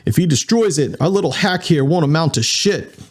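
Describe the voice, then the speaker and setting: A man's voice: on the high side, animated, brisk, pitched above the performer's own voice. A man voicing a dry, sarcastic man who swears under pressure in an audiobook.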